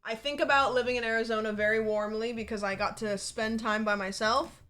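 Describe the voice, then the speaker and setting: A woman's voice: fairly high pitch, steady tone, brisk, a bit bright. A woman livestreamer chatting casually from a home setup, rambling and peppered with fillers and swearing.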